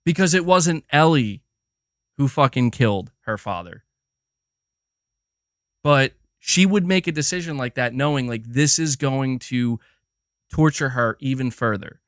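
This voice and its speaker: A man hosting a gaming livestream, talking in a casual, animated and profane rant, often restarting his sentences and answering chat. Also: medium pitch, unhurried, long pauses, dry recording, studio quality. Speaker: livestream host.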